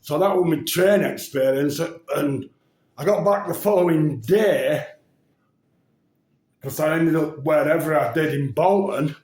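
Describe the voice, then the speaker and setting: Bloke rambling thru a story, lots of ums n swearing, slowish, bit of room echo. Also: male voice, fairly high pitch, darkish tone. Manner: rambling, full of ums and swearing, laughs at his own stories. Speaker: vlogger. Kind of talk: casual anecdote storytelling. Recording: echoey room.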